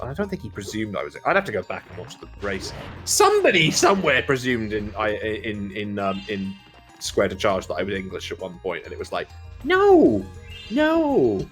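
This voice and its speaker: A Welsh man in casual chat, telling long rambling stories with plenty of swearing and laughter. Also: fairly low pitch. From Wales. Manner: rambling storyteller, swears freely, lively laughter. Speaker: co-commentator.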